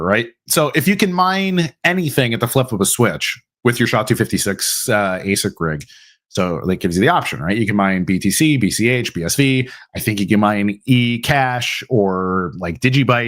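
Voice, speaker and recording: A man's voice: mid-range voice, a bit bright. A man hosting a live ask-me-anything stream who talks in a rambling way, full of fillers and restarts. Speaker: host.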